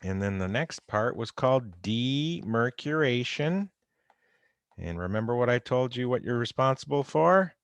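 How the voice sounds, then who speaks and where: A man's voice: medium pitch, lively intonation, measured pace, no room sound. A man giving an informal, wry recorded chemistry lecture, going over exam answers and talking straight to his students. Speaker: chemistry instructor. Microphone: close computer mic on a video call recording.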